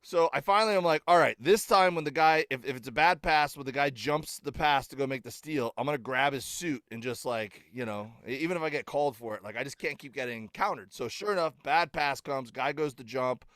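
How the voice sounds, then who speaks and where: Speaking briskly with few pauses, a middle-aged comedian with a mid-range voice spins stories in casual podcast conversation, recorded with no room sound. His delivery is animated and full of fillers, and he acts out what people said.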